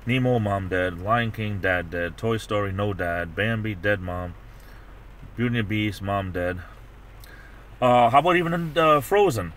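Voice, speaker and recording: Here the middle-aged man running the livestream talks in a lowish, fairly bright voice at a moderate pace. It's loose, rambling small talk full of false starts.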